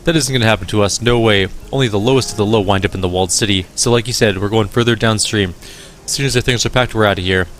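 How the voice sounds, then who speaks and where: A man's voice: on the low side, quick pace, a bit bright, slight background noise, natural voice. A man voicing a blunt, dismissive male companion who smells of drink in a video game. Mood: scornful. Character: male companion, boozy and scornful.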